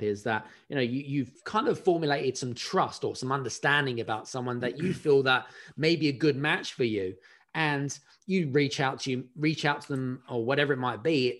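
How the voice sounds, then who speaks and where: Male podcast host: long, searching questions, hesitant fillers, mid-pitched voice. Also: a bit bright. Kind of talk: interview questions.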